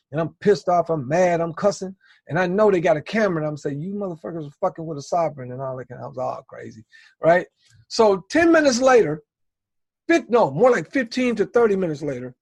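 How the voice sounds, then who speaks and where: Guy rambling through a story on his podcast, kinda high voice, keeps saying right?. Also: a little mellow, slightly rough, no room sound, clean studio sound. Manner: rambling, conversational, tags lines with "right?". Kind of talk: casual personal storytelling.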